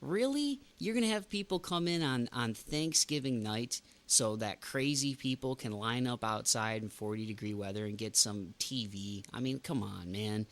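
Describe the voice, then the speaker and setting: A man's voice: fairly low pitch, normal speed, few pauses, a bit bright. A man hosting a podcast in casual chat, ranting with emphatic outbursts. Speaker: podcast host.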